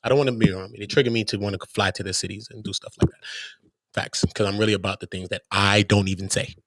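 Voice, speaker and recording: A man's voice: on the low side, steady tone, fast, a bit bright, no room sound. A man hosting his own channel, ranting to viewers in a blunt, openly profane and emphatic way. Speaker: channel host.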